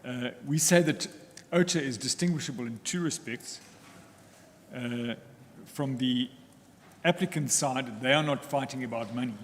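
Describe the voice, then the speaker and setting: A man, arguing as counsel in court in a formal, deliberate way with frequent pauses. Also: mid-range voice. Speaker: counsel for the applicants. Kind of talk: formal legal argument in court. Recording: echoey courtroom with faint ambient noise.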